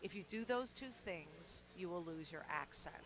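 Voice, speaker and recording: A middle-aged woman from New York with a New York accent, a sportscaster guest in a casual radio interview, talking in a sarcastic, animated way. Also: fairly low pitch, moderate pace, a crowd in the background.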